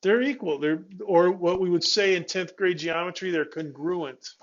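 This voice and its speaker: A man's voice: sits high, moderate pace, lo-fi sound. A male physics instructor giving a classroom lecture, talking students through the steps with restarts and checking questions.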